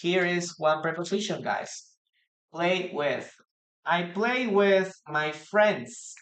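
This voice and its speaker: A man's voice: high-pitched, slow, fairly bright tone. A man with a Peruvian Spanish accent, a native Spanish speaker, teaching a live online English lesson, repeating phrases for practice and answering viewers' comments.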